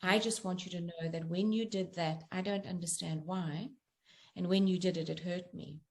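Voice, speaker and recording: A middle-aged woman speaks in a low, gravelly voice with a gentle, earnest tone. She talks reflectively as an interview guest, working through her points with personal examples. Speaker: guest author and coach.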